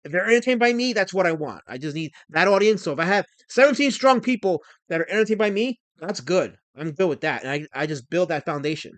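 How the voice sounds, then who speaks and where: Casual livestream host, male, high voice, rambling delivery, dry close sound. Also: expressive, fast talker, few pauses, dry recording. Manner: rambling, reads chat aloud and mock-rants in a raised voice. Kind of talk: casual live-stream chat.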